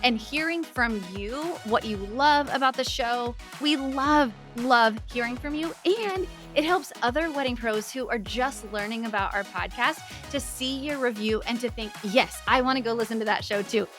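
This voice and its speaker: A woman's voice: fairly high pitch, normal speed, hardly any pauses, fairly bright tone, faint music behind. A woman hosting her own podcast, talking upbeat and emphatic, often repeating words for stress. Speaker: podcast host. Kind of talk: solo podcast monologue.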